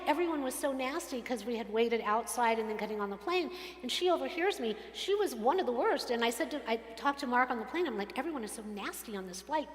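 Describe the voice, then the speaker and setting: A woman delivers a sermon, weaving everyday anecdotes into her message and acting out the people she quotes. Her voice sits a little high. The recording carries the long, roomy echo of a large sanctuary. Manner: animated storytelling, acts out quotes. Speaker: rabbi. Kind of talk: sermon with personal stories. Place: synagogue sanctuary. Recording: echoey hall from a distance.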